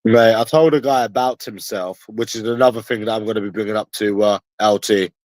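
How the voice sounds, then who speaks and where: A man's voice: fairly low pitch, fairly even intonation, a little fast, a little mellow, dry recording. A man with a London accent, ranting at his livestream chat in a confrontational, profane and repetitive way. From London, England. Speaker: streamer answering chat. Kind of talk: combative livestream rant.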